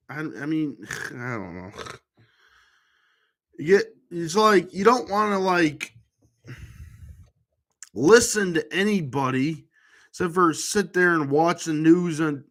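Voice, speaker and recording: Slow, rambling man with a high-ish voice. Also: fairly bright tone. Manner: rambling, with many restarts and trailing-off fillers. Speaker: vlogger. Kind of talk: casual monologue to camera.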